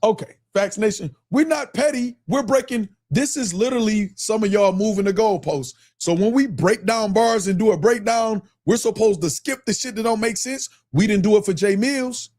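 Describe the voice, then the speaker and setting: Michigan dude on a live stream, kinda high voice, laughs a lot, keeps repeating his questions to chat. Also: normal speed, few pauses, a little mellow. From Michigan, US Midwest. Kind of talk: casual live-stream commentary.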